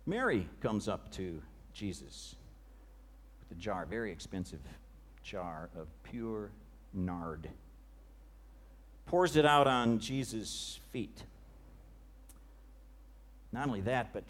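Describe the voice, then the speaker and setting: A preacher with a fairly low voice brings a scene to life in his sermon, telling it dramatically and vividly and often lowering his voice to a hush.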